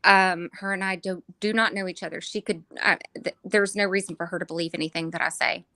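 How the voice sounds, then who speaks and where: A woman guest speaking in a weary, flat way, halting with restarts and fillers. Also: fairly low pitch, no room sound.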